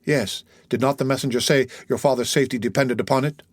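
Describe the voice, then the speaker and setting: A man's voice: medium pitch, fairly even intonation, quick pace, dry recording, clean studio sound, close to an everyday voice. A man reading an audiobook, voicing an earnest, protective young man who speaks firmly and urgently.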